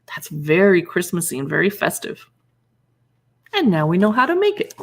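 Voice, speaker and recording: A woman hosting a live shopping stream casually reads dish names from a cookbook, reacting to each with short remarks while greeting viewers and answering chat comments. Her voice is lowish with wildly swooping pitch at a normal speed.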